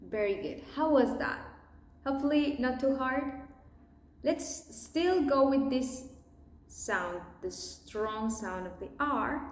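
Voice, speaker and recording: Slow, deliberate woman teaching pronunciation. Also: a little high, roomy sound. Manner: slow, deliberate, exaggerates sounds to demonstrate. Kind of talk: pronunciation lesson, listen and repeat.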